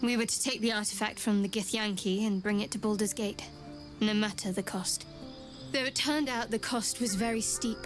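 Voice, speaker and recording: An actress voicing a secretive young female cleric in a video game, speaking in a guarded, wry and measured way. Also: mid-range voice, steady tone, soft background music, natural voice.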